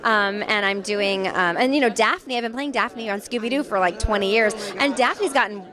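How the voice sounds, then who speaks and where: A woman's voice: medium pitch, moderate pace, crowd noise. A woman voice actress chatting as a guest in a casual interview, bubbly and chatty with frequent laughter.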